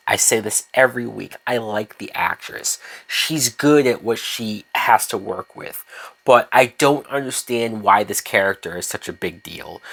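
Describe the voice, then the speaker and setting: Animated man ranting about a TV episode. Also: medium pitch. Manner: exasperated, profane ranting with repeated rhetorical questions. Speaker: TV show reviewer. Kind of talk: rant-style episode review.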